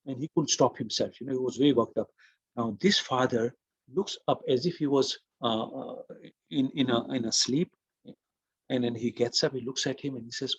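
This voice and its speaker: Husky-voiced man presenting a webinar. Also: medium pitch, a little fast, dry recording. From India. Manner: storytelling with acted-out quotes, lively emphasis. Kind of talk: motivational webinar talk.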